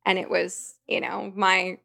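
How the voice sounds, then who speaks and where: A woman telling a story as a podcast guest, with a gravelly, fry-laced voice of middling pitch. She rambles through the tale vividly, leaning on fillers, and the sound is close and dry. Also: flat delivery, measured pace, bright, forceful tone, no echo. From United States. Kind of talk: storytelling in conversation.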